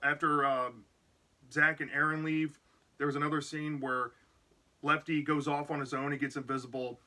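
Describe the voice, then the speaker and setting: Bright-voiced man recapping a story. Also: on the high side, flat delivery, normal speed. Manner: rambling, full of "like" and "you know". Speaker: book reviewer. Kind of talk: casual plot recap.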